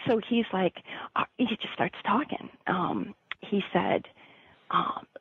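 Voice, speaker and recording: A woman's voice: medium pitch, expressive, slow pace, slightly rough, dry recording. A woman telling her own story in a chatty way, full of fillers like "like" and "you know", on a dry, slightly dull recording. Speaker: guest.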